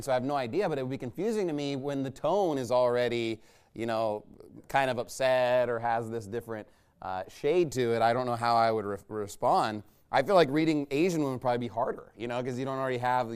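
A man with a clean, medium-pitched voice preaches as a pastor, keeping the sermon conversational, folksy and rambling while checking in with the congregation by way of rhetorical questions.

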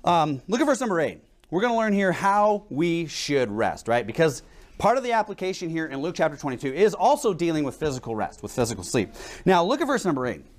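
Lively conversational male preacher. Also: on the high side, brisk. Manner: conversational preaching with anecdotes and rhetorical questions. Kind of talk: sermon.

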